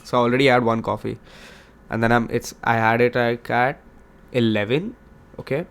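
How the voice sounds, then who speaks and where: A man in his twenties with an Indian accent hosts a casual solo podcast, speaking at a moderate pace in a steady, medium-pitched voice that's clear and resonant. His style is hyped, rambling and full of jokes.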